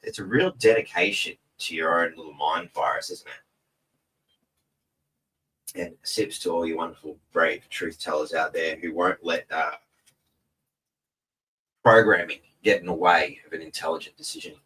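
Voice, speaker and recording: A man's voice: low-pitched, moderate pace, pauses often, sharp tone, recorded from a distance, poor audio. An Australian man hosting a casual live stream from home, rambling and laid-back and swearing freely. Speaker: host. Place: home room in front of a TV. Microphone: camera mic set back from him.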